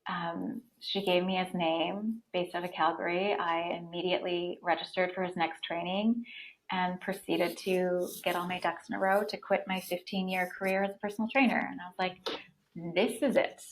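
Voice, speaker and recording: A woman in her thirties telling her own story as a podcast guest, in an animated, casual way, with many "like" fillers. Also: on the low side, normal speed, poor audio. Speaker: podcast guest, breathwork facilitator.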